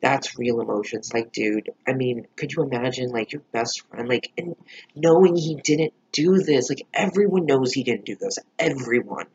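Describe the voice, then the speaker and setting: Husky-voiced man rambling in a vlog. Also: mid-range voice, moderate pace, highs cut off. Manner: rambling, heavy filler "like", frequent swearing. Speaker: TV episode reviewer. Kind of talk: casual reaction vlog.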